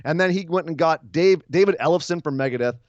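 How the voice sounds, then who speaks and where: A man co-hosts a casual wrestling podcast, animated and quick to laugh as he recaps and teases his partner. His voice is fairly high, and the lo-fi recording has no echo.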